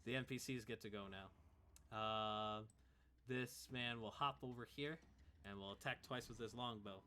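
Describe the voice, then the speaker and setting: A man narrating combat as game master in a relaxed, chuckling way. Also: medium pitch, measured pace, slight background noise.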